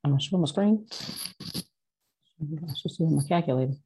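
Husky woman chiming in on a call. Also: sits low, normal speed, dark tone. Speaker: class participant. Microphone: video call.

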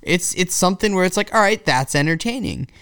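A man's voice: high voice, expressive, fairly quick, a crowd in the background. A man co-hosting a podcast, exasperated and steering the casual chat back on track. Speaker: podcast co-host.

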